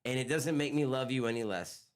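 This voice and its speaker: A man hosting a casual live-stream chat, stammering with many restarts as he reads haltingly from a screen. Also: mid-range voice. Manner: stammering, full of restarts and fillers. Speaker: podcast host.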